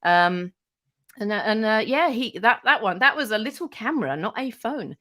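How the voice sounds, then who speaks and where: Animated woman telling stories. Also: a little high, normal speed. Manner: animated, acts out quoted voices, swears freely. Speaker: radio presenter, podcast guest. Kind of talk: casual anecdote telling.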